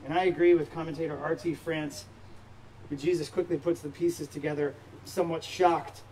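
A man's voice: fairly high pitch, fairly even intonation, moderate pace, warm tone. A man pastor preaching a sermon to his church, emphatic, with rhetorical questions. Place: church sanctuary. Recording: distant mic with faint background noise.

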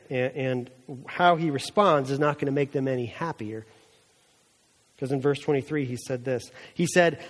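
A male pastor with a fairly high voice preaches a conversational sermon in a large hall. As the story unfolds, he acts out its characters in little asides.

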